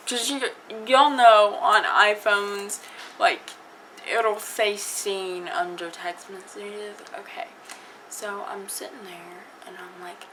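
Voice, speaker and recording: A woman's voice: mid-range voice, a bit bright, a little hiss or hum, low-quality recording. A woman vlogger telling a personal story to camera in a chatty way, full of fillers and acted-out quotes. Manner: chatty, lots of fillers, acts out quoted dialogue. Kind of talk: casual storytime vlog.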